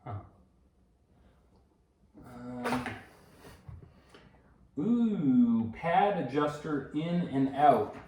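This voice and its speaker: A man's voice: fairly high pitch, animated, extremely slow, long pauses, dark tone. A man casually talking through a bike assembly, rambling to himself as he works and tossing in jokes. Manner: rambling, talks to himself while working, joking asides. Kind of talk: casual unboxing and assembly walkthrough. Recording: roomy, distant mic, clear background noise.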